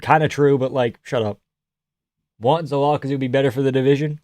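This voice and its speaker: A man's voice: medium pitch, steady tone, a little fast, darkish tone, no echo, clean studio sound. A man casually commenting live on a fight night, swearing and laughing a lot. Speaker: live streamer. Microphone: headphones on, close mic.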